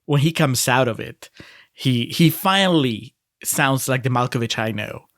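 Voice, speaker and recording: A man's voice: mid-range voice, measured pace, fairly bright tone, dry recording. Chatty man with a dry close sound. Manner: rambling, laughing, restarts often. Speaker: podcast co-host. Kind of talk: casual film discussion.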